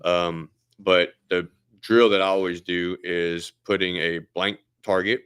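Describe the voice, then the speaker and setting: A man's voice: low-pitched, level tone, measured pace, fairly bright tone, clear, resonant tone, dry recording. A man working as a firearms instructor, casually explaining a drill step by step with frequent fillers.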